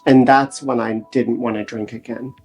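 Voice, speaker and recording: A man speaking as a guest on a recovery podcast, sharing his experience in an earnest, animated storytelling manner. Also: medium pitch, moderate pace, faint music behind. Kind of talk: casual podcast interview.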